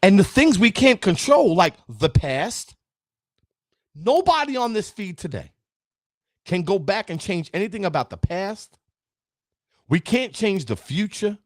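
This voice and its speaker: A man's voice: high-pitched, very animated, unhurried, long pauses, dry recording, clean studio sound. A man giving a live-streamed motivational talk, emphatic and preachy, often asking "right?" and greeting viewers by name. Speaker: motivational speaker.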